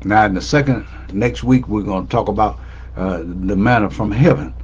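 A man's voice: on the low side, moderate pace, lo-fi sound. A man preaching a sermon as pastor, repeating his key lines with rising emphasis. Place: church sanctuary.

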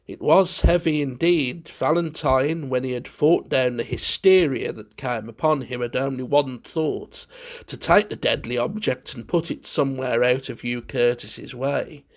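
A man narrating a ghost story in a measured, steady storytelling manner. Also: mid-range voice, gravelly.

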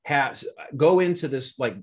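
Husky man rambling through a movie review. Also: mid-range voice, unhurried. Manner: rambling, searching for words with many fillers. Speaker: podcast co-host. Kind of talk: casual movie review chat.

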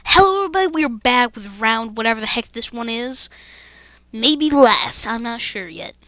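A woman's voice: on the high side, animated, measured pace, a bit bright, dry recording. A woman hosting a let's-play gaming video, commenting to her viewers with jumpy, dramatic exclamations. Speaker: gaming channel host.

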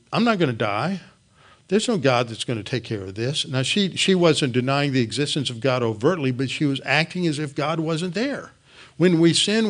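A man teaching a Bible lesson in an earnest way, repeating words for emphasis and restarting phrases. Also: mid-range voice.

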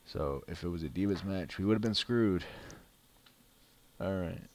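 Here the gaming host's very deep voice moves at a moderate pace while he gives relaxed, unscripted play-by-play of a mobile card game. He keeps complaining about his bad luck.

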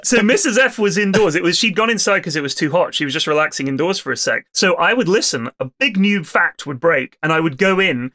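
A man's voice: high voice, a little fast, few pauses. A man, a podcast host telling an anecdote in casual chat and acting out the quotes. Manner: animated, acts out quotes in character.

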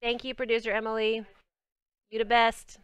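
A young woman with a Southern US accent plays on a livestream and chats with viewers casually, in a bubbly manner. Her fairly high voice is clear and resonant, but her delivery is completely flat at a moderate pace, with no room sound.

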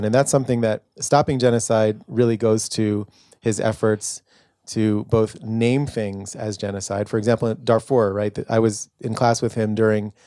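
A man's voice: fairly low pitch, mellow, no room sound, clean studio sound. A man, an author and lecturer, answering an audience question at a bookstore event, earnest and storytelling, with many restarts. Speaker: author and lecturer at a book talk.

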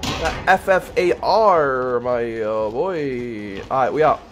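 A man chatting playfully with teammates during an online shooter, teasing and swinging between loud excitement and low mumbling. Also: slow pace. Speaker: gamer streaming with random teammates. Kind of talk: casual game commentary to teammates.

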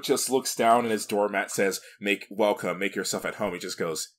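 A man's voice: fairly low pitch, brisk, hardly any pauses. A man co-hosting a casual podcast, retelling movie scenes with frequent laughter. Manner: laughs often, animated retelling. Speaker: podcast co-host. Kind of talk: casual movie review chat.

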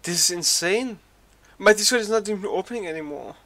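Male streamer grumbling at his setup, bright tone, pitch jumping all over. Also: expressive, brisk, dry recording. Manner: exasperated, swings between muttering and sudden yelps. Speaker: game streamer. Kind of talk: live stream talk to himself and chat.

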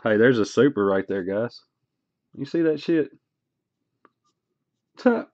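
A man's voice: medium pitch, animated, slow, a little mellow, dry recording. A man hosting a card break stream, chatting casually and teasing viewers in a joking storytelling way. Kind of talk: casual livestream chat. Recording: dull, slightly noisy stream audio.

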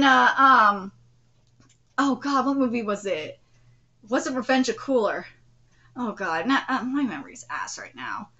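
A woman hosting a live manga reaction stream, gushing and swearing as an excitable fan. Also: high-pitched, lo-fi sound.

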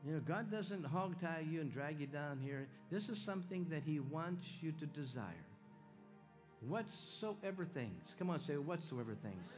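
Exhorting preacher guy, kinda high voice, church music going underneath. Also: expressive, normal speed. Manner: folksy, exhorting, calls out to the crowd. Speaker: evangelist leading a healing meeting. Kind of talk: sermon with audience call-and-response. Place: church sanctuary with worship music. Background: music playing.

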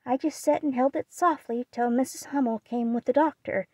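A woman voicing a gentle, shy young girl in an audiobook reading, speaking softly and earnestly. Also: high-pitched, normal speed, no echo, voice pushed up. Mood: sad. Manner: soft, quiet, earnest.

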